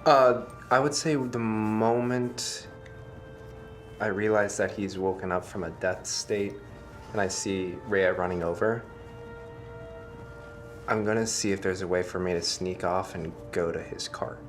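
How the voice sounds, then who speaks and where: A man playing a tabletop game, speaking in an unhurried, hesitant way. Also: low voice, fairly even intonation, faint music behind. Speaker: player. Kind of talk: casual game chat.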